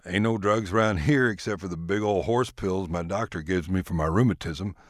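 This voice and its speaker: A man's voice: deep voice, a little fast, dry recording, lightly acted. A man doing a wry old Texas rancher. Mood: amused. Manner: easygoing drawl, dry humor. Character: older male West Texas rancher, wry, folksy.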